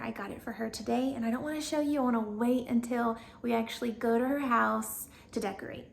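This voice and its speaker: A woman's voice: a little high, vocal fry, slight background noise. A young woman with a Southern US accent, chatting casually and bubbly in a home decor vlog, laughing often.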